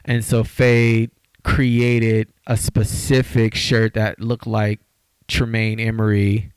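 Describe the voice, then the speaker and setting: A man hosting a podcast in casual chat, talking in an animated, rambling way and getting riled up as he makes his points. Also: lowish voice, takes it slowly, smooth, dry recording. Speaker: podcast host.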